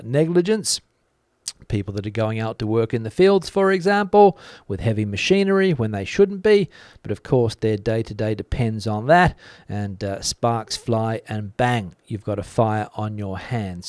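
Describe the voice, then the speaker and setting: A man hosting a news channel from Spain, reading out viewer comments and musing on them in a relaxed way with many fillers. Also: medium pitch, normal speed, smooth, no echo, studio quality. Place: lives in Spain.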